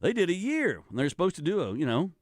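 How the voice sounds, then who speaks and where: An older man chatting on talk radio, rambling and restarting as he goes. His delivery is lively, with a slightly raised pitch. The studio sound is close and dry. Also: fast talker, dry recording. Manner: rambling, animated, with frequent restarts and laughs. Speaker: radio talk show host. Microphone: studio microphone.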